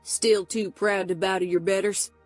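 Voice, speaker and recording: A woman's voice: on the low side, measured pace, mellow, husky, no room sound, faint music behind. A woman playing a sneering male biker boss. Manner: sneering, taunting. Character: menacing gloating male biker gang boss.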